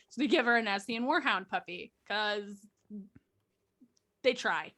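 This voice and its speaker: A woman with a bright, somewhat high voice that moves animatedly as she tells stories. She laughs easily and talks in a casual way. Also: animated, normal speed. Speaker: guest author. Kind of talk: casual storytelling chat.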